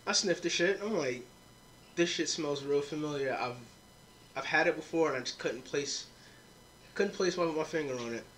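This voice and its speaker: A man's voice: fairly high pitch, moderate pace, pauses often, a little hiss or hum. Profane young man telling a drunk story. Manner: animated, profane storytelling with quoted dialogue. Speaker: podcast host. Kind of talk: casual storytelling among friends.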